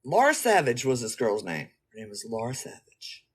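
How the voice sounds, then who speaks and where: In a casual, slangy ramble, a man tells an animated story directly to his listeners. His husky voice is medium in pitch and his speed is normal.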